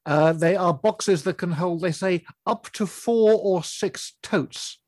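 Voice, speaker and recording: A man's voice: high voice, takes it slowly, darkish tone, dry recording. A man bringing news items to a radio show, chatting casually in a wry, quibbling way in a studio.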